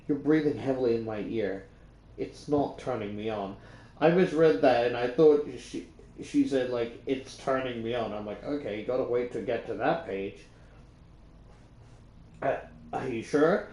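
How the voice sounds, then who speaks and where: A young Australian YouTuber reads a book aloud and retells it in a casual, rambling way, full of fillers and restarts. His mellow, medium-pitched voice moves unhurriedly with long pauses. The room gives the recording a noticeable echo.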